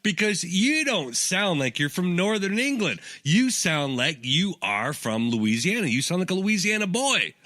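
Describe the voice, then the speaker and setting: A man's voice: high voice, sing-song, measured pace, few pauses, bright, forceful tone, no echo. A male radio host on a comedy show, teasing and pushing his guest. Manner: teasing, pushy interviewer.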